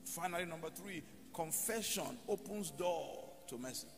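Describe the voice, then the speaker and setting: A man with a high-pitched voice preaches a sermon, telling stories and leading the congregation in prayer. His voice carries a long church-hall reverb, with faint music underneath. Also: animated, moderate pace. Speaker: pastor.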